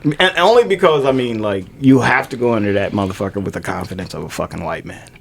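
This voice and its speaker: A man's voice: fast talker, gravelly, slightly rough. A married man on a casual podcast, boastful and profane as he gives dating advice. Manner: boastful and profane, swinging between big highs and lows. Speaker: podcast co-host.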